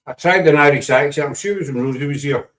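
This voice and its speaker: A man's voice: fairly high pitch, fast, fairly bright tone. Scottish male podcast host, playful ribbing, slightly distant recording. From Scotland. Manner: teasing, playful, chatty. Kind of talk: casual chat. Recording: voice distant from the mic.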